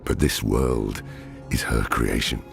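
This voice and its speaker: Super deep gravelly old druid guy, slow and grave, game music loud behind. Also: steady tone, heavily acted. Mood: grim. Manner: grave, measured delivery. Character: gruff weary older male druid mentor.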